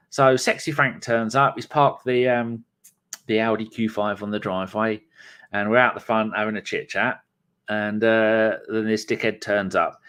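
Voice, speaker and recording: A man's voice: lowish voice, a bit bright. A man, co-hosting a podcast and telling a long story as a sweary, ranting monologue. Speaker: podcast co-host.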